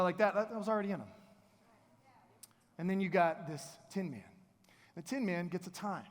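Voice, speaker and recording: A man in his thirties giving a motivational keynote, telling stories in an energetic, playful way with asides to the audience. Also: high-pitched, brisk, pauses often. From Texas. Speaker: keynote speaker. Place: large event hall. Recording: long reverb of a large hall.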